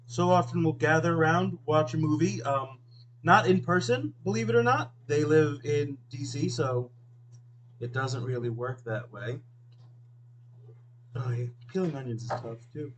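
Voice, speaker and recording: A man's voice: on the high side, slight background noise, rough recording. A man rambling casually with lots of fillers while he cooks at home, talking to a friend off camera. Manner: rambling, filler-heavy, self-deprecating. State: eyes watering from onions. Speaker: video host. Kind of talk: casual chat while cooking.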